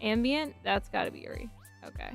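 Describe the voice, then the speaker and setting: A woman's voice: fairly high pitch, huge pitch swings, a little fast, vocal fry, faint music behind. A woman streamer chatting casually and reading game text aloud, often breaking into giggles. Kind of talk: casual let's-play commentary.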